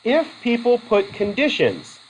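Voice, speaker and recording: A man's voice: very high-pitched, huge pitch swings, a little slow, a little hiss or hum, rough recording. A male teacher giving a casual classroom lecture, acting out quoted voices and laughing easily.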